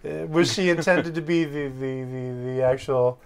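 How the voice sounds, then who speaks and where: A man playing a tabletop game, hesitant and halting. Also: fairly high pitch, creaky, clear, resonant tone. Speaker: player. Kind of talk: casual tabletop game chat.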